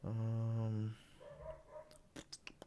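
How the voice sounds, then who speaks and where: A man producing music, walking through his own beat in a relaxed, rambling way, with many fillers and restarts. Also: on the low side, drawn-out words, heavy background noise. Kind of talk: casual screen-recorded tutorial.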